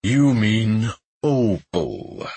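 A man's voice: sits low, big pitch swings, measured pace, slightly rough, dry recording, full character voice. A man voicing a snide male demon who speaks in a stolen man's voice and mocks his captive with amusement. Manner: mocking and amused.

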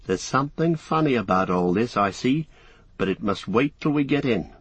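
A man voicing a lively, teasing young male hobbit in an audiobook. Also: medium pitch, normal speed, slightly rough, dry recording. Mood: brisk. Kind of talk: audiobook character voice.

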